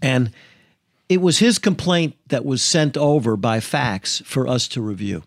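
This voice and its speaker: Halting male attorney telling a story. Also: mid-range voice, creaky, no echo, studio quality. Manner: halting, many filler sounds and restarts. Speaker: attorney and interview guest. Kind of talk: storytelling in a podcast interview.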